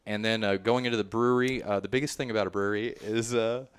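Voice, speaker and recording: A man's voice: on the low side, fairly even intonation, fast talker, smooth, no room sound. A young man chatting casually on a radio show about his brewery and voice acting, rambling with many fillers. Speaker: brewery representative and voice actor. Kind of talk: casual chat.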